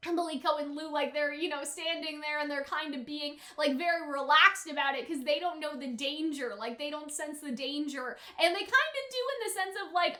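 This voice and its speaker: A young woman with a high, bright voice chatting her way through an anime episode. Her talk is loose and filler-heavy, and she keeps slipping into quick impressions of the characters. The room around her adds a noticeable echo. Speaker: anime reaction YouTuber. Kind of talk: casual commentary over an episode.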